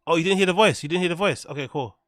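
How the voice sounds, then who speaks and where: A man's voice: fairly high pitch, very fast, dry recording, studio quality. A man hosting a livestream, rambling and swearing casually as he talks to his viewers. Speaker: streamer host.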